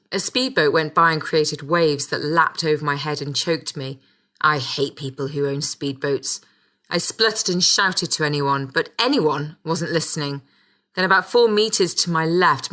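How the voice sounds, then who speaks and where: A woman's voice: sits low, pushed and bright. A woman reading a first-person audiobook with a wry, sardonic storytelling manner. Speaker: audiobook narrator.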